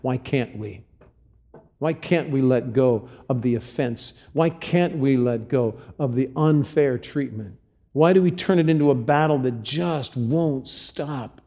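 A man preaching a sermon, reading scripture and acting out the characters' lines with vivid emphasis. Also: warm tone. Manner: acts out biblical characters' lines with rising pitch and slowed emphasis. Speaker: pastor.

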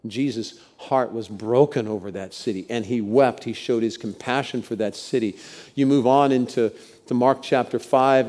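A man preaching a sermon, expressive, sometimes dropping to a hushed, soft voice. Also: mid-range voice. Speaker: pastor.

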